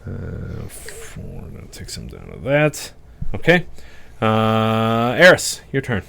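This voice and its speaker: A man's voice: lowish voice, huge pitch swings, takes it slowly, vocal fry, a bit bright, a little hiss or hum. A man running a tabletop game as its game master, narrating combat and dice rolls in an easy, chuckling way.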